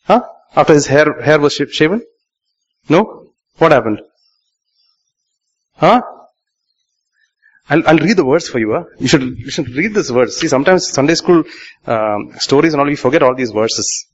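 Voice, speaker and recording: A man's voice: fairly high pitch, lively intonation, normal speed, long pauses. A male pastor, preaching a sermon and questioning the congregation, repeating key lines for emphasis. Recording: muffled live sermon recording.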